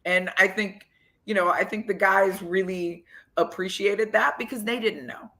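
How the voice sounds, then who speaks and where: A woman guest on a podcast interview, telling animated stories and acting out the quotes with big jumps in pitch. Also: normal speed, creaky. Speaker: guest, former football coach. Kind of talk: lively storytelling in a podcast interview.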